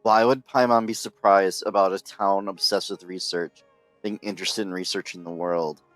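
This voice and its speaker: A man's voice: deep voice, fairly even intonation, moderate pace, a bit bright, no room sound, soft background music. A man streaming a video game, making wry, joking remarks about the story as he plays. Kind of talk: casual gameplay commentary.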